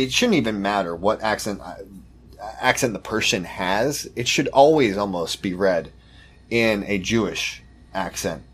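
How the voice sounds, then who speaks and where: Husky-voiced man in sarcastic commentary. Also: on the low side. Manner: sarcastic, mocking. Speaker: podcast host. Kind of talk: commentary, reading news articles aloud.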